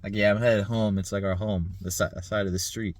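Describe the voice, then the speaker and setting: A man in his thirties rambling in a casual vlog monologue, laughing often, swearing and filling pauses with "like" and "um". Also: on the low side, level tone, dry recording. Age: 30s. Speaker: vlogger.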